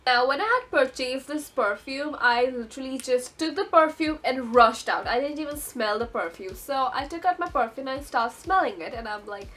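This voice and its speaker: A young woman telling a story in a chatty, excitable vlog, breaking into sudden high squeals. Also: normal speed, hardly any pauses. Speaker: vlogger.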